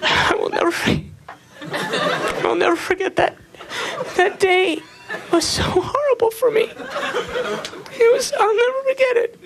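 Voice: very high voice, a little slow, creaky, long pauses, a crowd in the background. A stand-up comedian rambling through a bit and laughing along the way. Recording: live club recording, loud audience.

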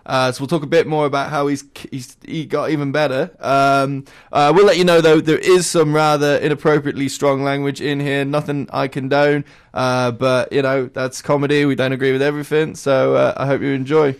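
A man's voice: mid-range voice, little pitch movement, a little fast, hardly any pauses, clear, resonant tone. A male radio host in a studio, introducing a guest in a chatty way with frequent fillers. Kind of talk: radio show hosting.

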